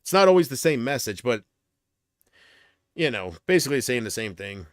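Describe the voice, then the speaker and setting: A man's voice: medium pitch, big pitch swings, normal speed, no echo, studio quality. A man hosting a livestream, ranting casually and profanely to his chat, addressing viewers by name and rambling in restarts. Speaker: livestream host.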